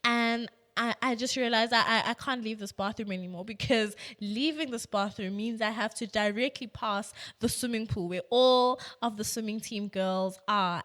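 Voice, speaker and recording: A young woman, hosting a podcast and telling a personal story, moving between quiet reflection and animated retelling. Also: mid-range voice. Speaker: podcast host.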